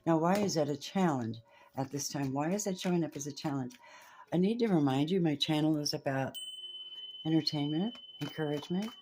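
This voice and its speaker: Woman, tarot reader, deep warm voice, slow and gentle, light background noise. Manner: slow, soft-spoken, addresses viewers as babies. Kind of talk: spiritual tarot reading.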